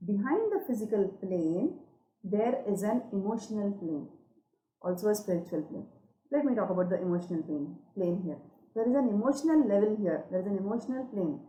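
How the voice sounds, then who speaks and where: A woman's voice: medium pitch, expressive, a little fast, mellow, roomy sound, rough recording. A woman talking earnestly as a parenting coach, repeating herself and listing many words in a row. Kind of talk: teaching monologue.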